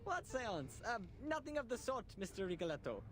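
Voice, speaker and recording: A man's voice: high voice, big pitch swings, normal speed, a bit bright, soft background music. An actor voicing a smug, theatrical male art exhibit host who speaks in a flamboyant, teasing way.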